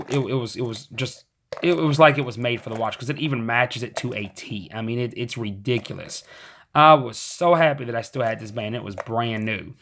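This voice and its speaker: A hoarse man chats through a gadget review. His voice is slightly screechy and breaks now and then. He rambles, stacking fillers and restarting his sentences. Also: mid-range voice, fairly bright tone. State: hoarse, voice going in and out. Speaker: tech reviewer. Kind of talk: casual product review.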